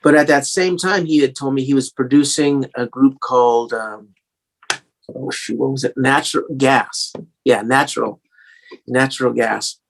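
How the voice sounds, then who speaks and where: A man's voice: mid-range voice, moderate pace, vocal fry. A man with a slightly English-tinged American accent, a singer-songwriter telling stories in a casual interview, rambling with many fillers and restarts.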